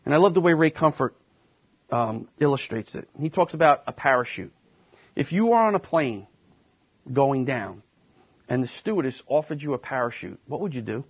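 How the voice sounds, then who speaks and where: A man's voice: medium pitch, lively intonation, normal speed, husky, dull audio. A man preaching a sermon, speaking emphatically and putting questions to the congregation. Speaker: pastor.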